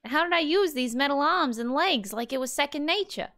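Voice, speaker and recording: Brief: young woman streamer, high and bright, reads story text aloud in first person, playful, laughs at her own accent slips. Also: expressive, fairly quick. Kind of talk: reading game text aloud.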